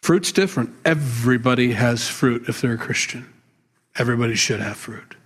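A man's voice: mid-range voice, a little fast, breathy edge. A middle-aged man, a pastor, teaching a conversational sermon in a plainspoken, candid way, with asides and self-deprecating humor. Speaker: pastor teaching a Bible study.

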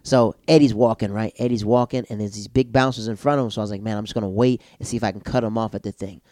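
A stand-up comedian telling a casual comic story, animated and jumping into loud, high-pitched voices when he quotes people. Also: fast, dry recording, clean studio sound.

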